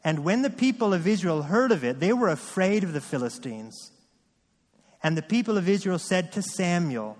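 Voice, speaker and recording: A man's voice: high voice, animated, moderate pace, long reverb tail. A man preaching a sermon as pastor, reading scripture and driving points home with earnest repetition.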